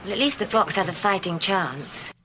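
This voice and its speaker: A woman's voice: mid-range voice, moderate pace, bright, forceful tone, natural voice, low-quality recording. An actress playing a disapproving English mother with a tart manner. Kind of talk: 1990s TV soap acting. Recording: old TV clip with noise.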